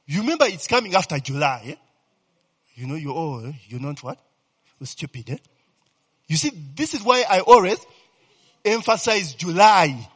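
A man preaching a sermon in a lively, animated way, often checking in with his listeners by asking if they understand. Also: high voice, husky, big-room sound. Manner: animated, repeatedly asks "you understand, eh?".

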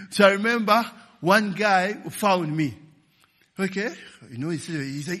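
In a sermon full of personal anecdotes, a middle-aged Ugandan pastor speaks unhurriedly with frequent pauses, his voice high and husky. He's animated, calling "okay?" and "eh?" to his listeners, and a large hall lends a long echo.

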